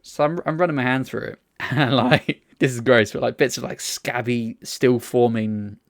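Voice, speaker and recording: A man's voice: medium pitch, steady tone, moderate pace. A man co-hosting a casual podcast, telling rambling, sweary stories full of restarts. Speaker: podcast co-host. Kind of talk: casual chat.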